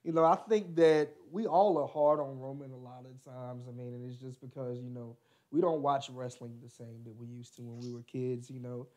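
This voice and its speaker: A man's voice: mid-range voice, fairly even intonation, normal speed, darkish tone. A young man co-hosting a casual wrestling podcast, rambling with lots of fillers and laughing often. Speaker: podcast co-host.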